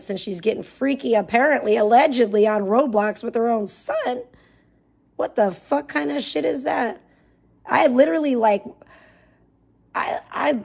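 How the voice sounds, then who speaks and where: A woman's voice: medium pitch, darkish tone. A tired woman hosting a livestream, ranting in a profane, scornful way. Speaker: livestream host.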